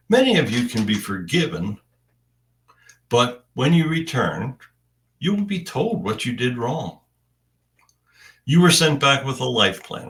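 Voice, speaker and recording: A man delivering a spiritual message in the first person, in deliberate, halting phrases with long pauses. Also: medium pitch, fairly bright tone, far from the mic.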